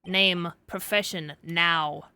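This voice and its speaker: A woman's voice: lowish voice, steady tone, slow pace, sharp tone, slight background noise, voice pushed down, exaggerated voice. Video game dub: a woman doing a cold, clipped male prosecutor. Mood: stern. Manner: curt, stern. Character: cool, formal male prosecutor.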